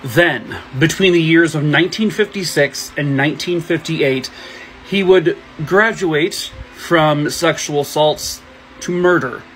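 A man recounts a true crime case in a casual, conversational way, now and then pausing on a filler. His voice sits a little on the high side. Soft music plays underneath him.

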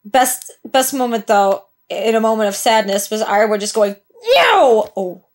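A woman's voice: medium pitch, fairly even intonation, normal speed, a little mellow. A young woman hosting a show reaction, exclaiming, swearing and crying out as she watches, then talking through her thoughts. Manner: exclaims and swears, cries out in distress. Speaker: reaction host. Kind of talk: emotional reaction commentary.

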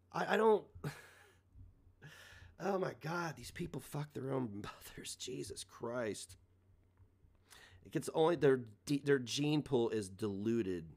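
A man ranting casually on a live stream, mocking and swearing, laughing often at his own jokes. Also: mid-range voice.

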